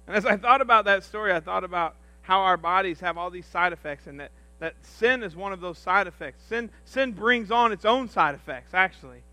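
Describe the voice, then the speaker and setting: A man on a church's staff giving a humorous sermon, telling self-deprecating stories in an animated, jokey way. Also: high-pitched, fairly quick, few pauses, no room sound. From rural upbringing.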